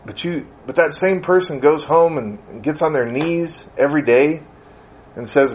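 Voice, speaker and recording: A middle-aged man preaching a sermon in a conversational, animated way, acting out the voices he quotes. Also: a little high, moderate pace, a little hiss or hum.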